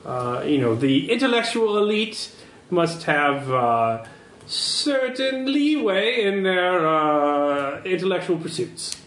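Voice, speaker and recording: A man's voice: fairly high pitch, sing-song, slow pace, fairly bright tone, roomy sound, exaggerated voice. A man voicing a decadent, snobbish male fixer with an affected grandiose drawl. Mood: pompous.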